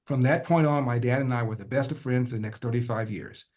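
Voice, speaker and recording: Older guy on a podcast telling stories abt his dad, animated, repeats phrases for rhythm. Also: mid-range voice, fast talker. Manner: animated, builds rhythm with repetition; acts out family dialogue in changing voices. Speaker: podcast guest. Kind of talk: personal storytelling.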